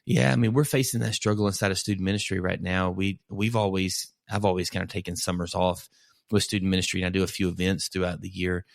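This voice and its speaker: A man's voice: deep voice, fairly even intonation, fast, gravelly, no echo, clean studio sound. A bivocational pastor, a man, talking casually on a podcast and telling long, rambling stories with many restarts.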